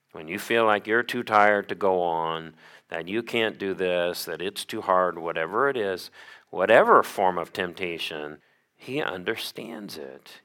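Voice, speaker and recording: A man's voice: on the low side, bright, forceful tone. A male pastor preaching a sermon to his congregation, asking them questions and joking with them. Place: church sanctuary.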